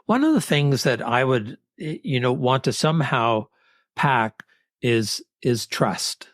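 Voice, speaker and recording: A man hosting a podcast interview who muses thoughtfully, often pausing to search for his words. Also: mid-range voice, expressive, a bit bright, no echo, studio quality. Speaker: podcast host. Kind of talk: reflective interview chat.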